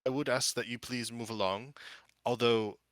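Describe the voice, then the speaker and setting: A man's voice: medium pitch, steady tone, moderate pace, fairly bright tone, no echo, natural voice. A man voicing a nervous, apologetic middle-aged butler who stammers. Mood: flustered.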